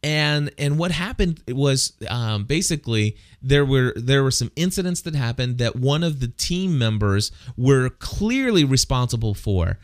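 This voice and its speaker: A plain-spoken man shares stories and his views as a father on a casual faith podcast. He talks at a middling pitch and stumbles over his words now and then as he works out his point. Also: expressive, unhurried, hardly any pauses. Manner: plain-spoken storyteller, restarts sentences often. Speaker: podcast co-host. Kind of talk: casual Christian discussion podcast.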